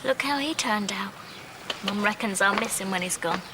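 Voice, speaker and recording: A woman's voice: mid-range voice, normal speed, natural voice. An actress playing a blunt, offhand teenage girl. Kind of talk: 1990s TV soap acting. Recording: old TV clip with noise.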